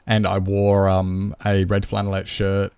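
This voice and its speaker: A man's voice: low voice, monotone, measured pace, a little mellow, smooth. Rambling man streaming a game. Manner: rambling, chatty, greets viewers, talks to his cat. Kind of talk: casual live-stream chat.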